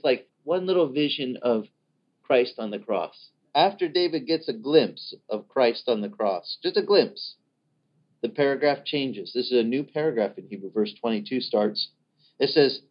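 Lively male preacher, lo-fi sound. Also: medium pitch. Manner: animated, acts out quoted voices. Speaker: pastor. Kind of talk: sermon. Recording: dull lo-fi recording.

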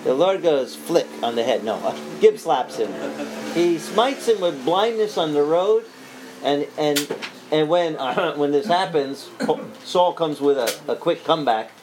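A man preaching a sermon, telling the story in a lively, joking way, with frequent restarts. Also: on the high side, unhurried, background noise. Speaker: pastor.

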